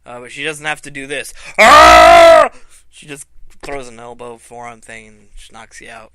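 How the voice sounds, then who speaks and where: A man casually reviewing a wrestling show, swearing freely and retelling the action with animated energy. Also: mid-range voice, brisk, clean tone, no room sound. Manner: profane, animated storytelling. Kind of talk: casual commentary.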